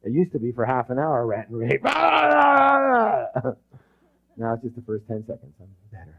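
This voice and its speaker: Energetic seminar man, muffled recording. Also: mid-range voice, fast talker, husky. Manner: energetic, drills the audience with rhetorical questions; emphatic, bursts loud when stressing passion. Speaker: motivational seminar speaker. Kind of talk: live seminar talk with call-and-response. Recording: dull lo-fi recording.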